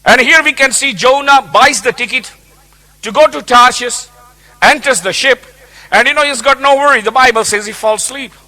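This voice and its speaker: High, bright-voiced male preacher. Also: moderate pace. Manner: emphatic, repeats key phrases. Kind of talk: sermon.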